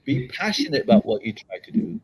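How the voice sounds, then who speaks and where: A man's voice: fairly low pitch, huge pitch swings, a little fast, creaky, slight background noise, poor audio. An older man as an interview guest at his daughter's house, telling stories emphatically and checking in with "okay?" and "all right?". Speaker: guest entrepreneur. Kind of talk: storytelling interview answer.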